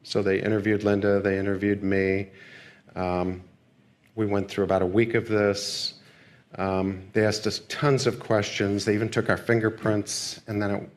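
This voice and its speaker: Older guy telling a personal story at a lecture, low voice, quiet and thoughtful, lots of pauses. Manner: subdued, reflective and hesitant. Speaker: guest lecturer. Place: school lecture hall.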